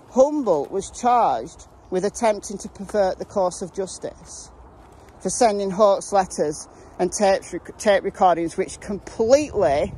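Brief: woman host, mellow tone, chatty true-crime storytelling, recorded outdoors with faint traffic. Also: medium pitch, rough recording. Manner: conversational, with asides and restarts. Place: outdoors, walking near traffic.

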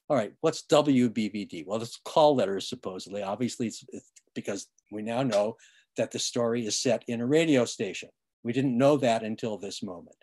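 A man's voice: medium pitch, moderate pace, a little mellow. A man giving an online lecture about music history, explaining patiently with many fillers and restarts, and now and then humming a rhythm.

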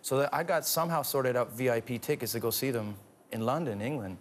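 A man from Canada, a guest actor and singer, telling animated stories in a casual talk show interview and laughing often. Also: mid-range voice, fast talker, slight background noise.

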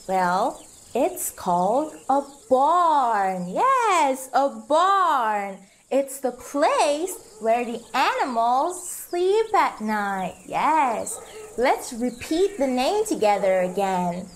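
A woman teaching toddlers in a slow, sing-song lesson voice, asking exaggerated, cheerful questions and drawing out her words. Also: high voice, big pitch swings, a little hiss or hum. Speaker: children's teacher. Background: faint background music.

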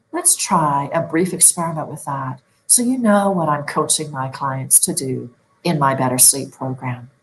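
Sleep coach, woman, middle-aged; low voice, slow soothing guidance straight to the viewer. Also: slight background noise, poor audio. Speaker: sleep and stress management coach. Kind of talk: guided relaxation lesson.

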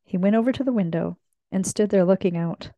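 A woman reading a classic mystery novel aloud with steady storytelling narration. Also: medium pitch, a little fast, no echo. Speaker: reader.

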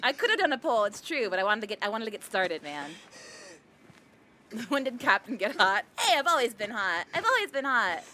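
A woman's voice: a little high, sing-song, normal speed, sharp tone, slight background noise. A woman streaming a game, chatting playfully with her chat, laughing often and greeting viewers with pirate-style ahoys. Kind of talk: casual live-stream chat while gaming.

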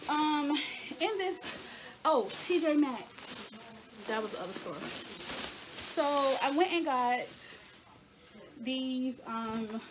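Chatty high-voiced young woman vlogger. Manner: chatty, addresses viewers as y'all. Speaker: lifestyle vlogger. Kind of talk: casual haul video chat.

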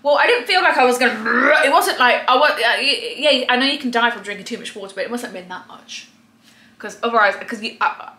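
A young woman chatting casually and telling animated stories as a podcast co-host. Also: quick pace, roomy sound. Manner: animated storytelling, acts out voices in high excited tones. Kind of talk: casual chat while eating. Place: flat living room.

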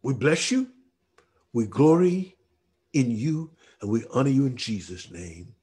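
A man preaching a Bible study sermon as pastor, fervent, swinging from near shouts down to a hush. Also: medium pitch, very animated, unhurried, slightly rough. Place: church or ministry room.

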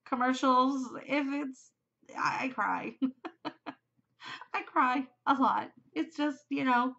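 A woman's voice: a little high, takes it slowly, gravelly, fairly bright tone. A middle-aged woman hosting a casual chat podcast, chatty, emotional and gushing as she talks. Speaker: podcast host. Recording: muffled lo-fi home recording.

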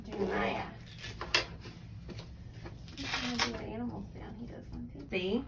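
A woman's voice: a little high, a little slow, gravelly, long pauses, heavy background noise. A woman talking in sing-song, encouraging baby talk to a young child at home, in a home video. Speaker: caregiver mother.

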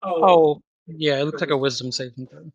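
A player in an online tabletop game, eager and quick to laugh, asking about rules and rolls. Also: medium pitch. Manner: eager, laughs often, asks rules questions.

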